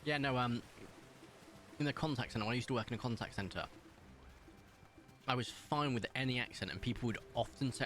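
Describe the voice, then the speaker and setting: A man's voice: medium pitch, fast, pauses often, a bit bright. A young British man streaming live and chatting casually, rambling with lots of fillers and restarts.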